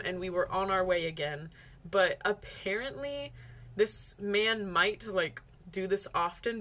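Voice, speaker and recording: Chatty and animated, a young woman vlogger with a mid-range voice casually recounts a story to camera, performing what her friends said.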